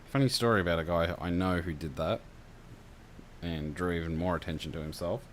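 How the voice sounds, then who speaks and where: A man's voice: sits low, a little fast, slight background noise. A man, narrating a story game on stream and chatting loosely with viewers, with plenty of fillers. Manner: relaxed, chatty, hesitant with fillers.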